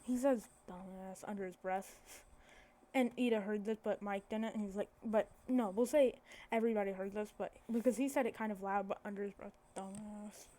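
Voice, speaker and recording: A woman with a mellow, mid-range voice talks a little fast as she casually tells a made-up fan story. She rambles, corrects herself as she goes and uses many fillers.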